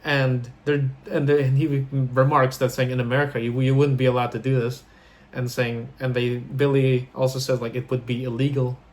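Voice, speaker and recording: A man's voice: medium pitch, little pitch movement, normal speed. A man casually recapping a film scene by scene, rambling with lots of fillers and restarts. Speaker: film podcast host.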